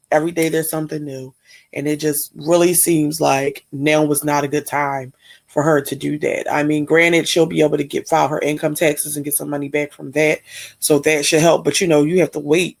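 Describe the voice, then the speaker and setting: Woman, reaction host, casual commentary, critical, a bit of vocal fry. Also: low voice. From Pennsylvania.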